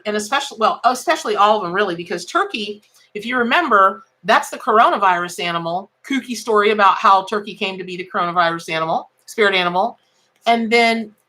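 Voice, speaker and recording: A woman's voice: medium pitch, bright, forceful tone. A woman giving a live tarot reading, chatting folksily with viewers and greeting them by name. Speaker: tarot reader.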